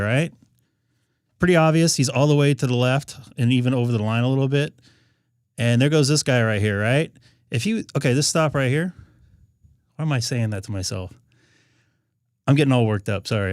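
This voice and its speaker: A man's voice: medium pitch, dry recording, clean studio sound. A man hosting a ham radio live stream, talking casually and rambling with frequent fillers and restarts.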